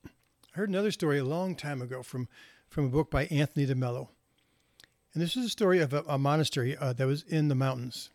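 A man giving a reflective talk, telling moral stories gently and unhurriedly, with pauses and small restarts. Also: a little high, no room sound, clean studio sound. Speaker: speaker sharing moral stories.

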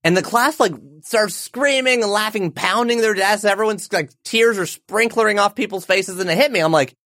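A man in his forties, an author guest on a podcast, telling a personal story in an animated, emphatic way. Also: high-pitched, moderate pace, no echo, studio quality. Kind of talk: storytelling in an interview.

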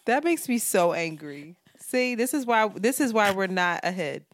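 A woman co-hosting a podcast from her small bedroom, talking loudly in a piercing voice and laughing a lot. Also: mid-range voice, expressive, moderate pace, no echo. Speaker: podcast co-host. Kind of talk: casual chat.

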